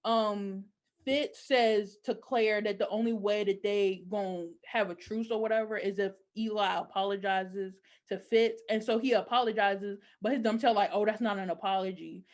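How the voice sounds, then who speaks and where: A young adult woman co-hosting a podcast, chatting casually and giving opinionated, animated recaps full of "like". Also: mid-range voice, a little slow. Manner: animated, opinionated storytelling with frequent "like". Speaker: podcast co-host. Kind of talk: casual chat recapping a TV episode.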